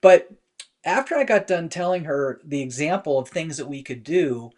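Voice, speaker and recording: A man's voice: fairly high pitch, lively intonation, normal speed. A man hosting a short weekly business show, talking casually and telling stories with plenty of fillers. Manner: conversational storytelling with many fillers. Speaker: host.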